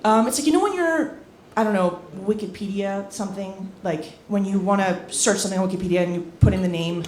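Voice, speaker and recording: A woman's voice: mid-range voice, brisk, darkish tone, slight background noise. Rambling, profane woman doing stand-up. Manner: rambling, self-deprecating, profane, with rising exclamations in acted asides. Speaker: stand-up comedian. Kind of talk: stand-up comedy set. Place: comedy club stage with a laughing audience. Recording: roomy club sound with crowd laughter.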